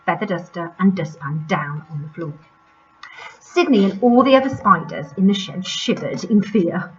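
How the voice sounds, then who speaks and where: A female primary school teacher reading a storybook aloud to children in an expressive, sing-song manner, on a muffled recording. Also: mid-range voice.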